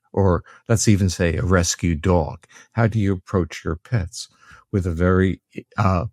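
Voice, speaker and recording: An older man being interviewed as a researcher, explaining his work in a measured, academic way. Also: sits low, a little mellow, dry recording, clean studio sound. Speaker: guest, researcher.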